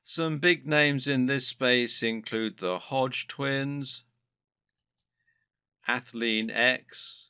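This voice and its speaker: A man giving scripted narration for an online course in a steady, explanatory lecturing manner. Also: medium pitch, extremely slow, clear, resonant tone, no echo.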